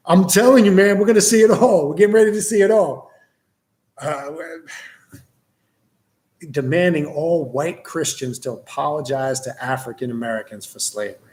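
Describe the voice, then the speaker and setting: A man with a voice on the higher side hosts a casual livestream and answers viewers' questions as they come in. He talks bluntly and swears freely. When he tells a story he gets animated and plays out the scene. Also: normal speed, pauses often, roomy sound.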